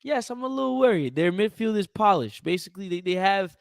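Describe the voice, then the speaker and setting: A young man co-hosting a sports podcast, talking in an animated, rambling way and often restarting his sentences. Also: high-pitched, a little fast, gravelly, dry recording, studio quality. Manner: animated, rambling, self-interrupting. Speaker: podcast co-host. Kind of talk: casual sports chat.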